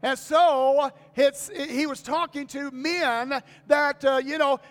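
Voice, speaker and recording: A man's voice: very high-pitched, steady tone, slow, few pauses. An older man preaching to his congregation in a folksy manner, repeating key lines and asking for amens. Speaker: pastor. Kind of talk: sermon. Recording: long reverb of a church hall.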